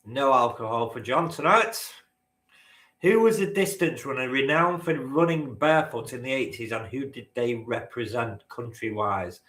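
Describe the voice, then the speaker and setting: A man's voice: medium pitch, normal speed, a bit bright, reverberant. A man hosting a live-stream quiz, bantering with the chat and swearing now and then. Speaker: quizmaster.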